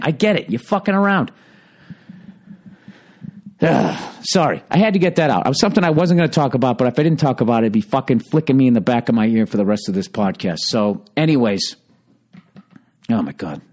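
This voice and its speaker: A man's voice: medium pitch, a little mellow. A man hosting a solo podcast, rambling and swearing heavily as he tells a heated story in a casual rant. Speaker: podcast host.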